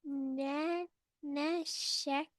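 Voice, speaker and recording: A woman student in a language class, haltingly sounding out words syllable by syllable. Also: high voice, steady tone, no room sound, studio quality. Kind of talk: reading aloud in class.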